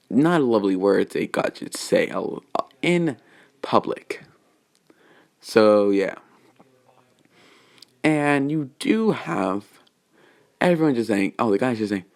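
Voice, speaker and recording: Casual male storyteller with a gravelly, lowish voice; loose, rambling retelling full of restarts. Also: lively intonation, measured pace, pauses often. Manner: meandering, full of restarts and filler phrases. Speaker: fan fiction storyteller.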